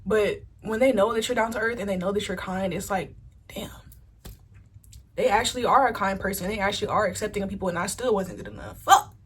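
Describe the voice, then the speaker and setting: A woman giving a casual pick-a-card tarot reading, chatty and animated, swearing freely. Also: medium pitch, fast talker, few pauses, breathy edge. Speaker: tarot reader.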